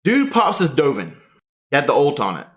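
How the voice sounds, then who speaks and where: A man's voice: on the high side, moderate pace. A man, casually telling a tournament story on a podcast and acting out the quotes. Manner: animated storyteller, acts out quotes. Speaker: podcast host.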